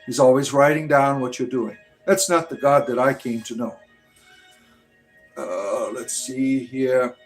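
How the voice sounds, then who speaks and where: A man's voice: mid-range voice, a little slow, faint music behind. A man from the United States hosting a casual livestream, reading chat aloud and rambling with frequent "right?" tags.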